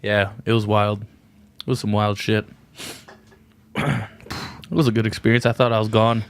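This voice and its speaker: Rambling, swearing podcast guest. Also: male voice, lowish voice, steady tone, measured pace. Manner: rambling storyteller, laughs often, swears. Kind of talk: casual profane chat.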